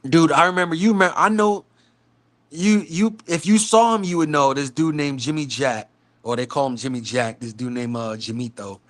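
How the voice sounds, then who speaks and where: A man's voice: fairly high pitch, moderate pace. A middle-aged man from the South Bronx with a New York accent, telling stories in casual chat and acting out the street talk he quotes. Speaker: live stream host.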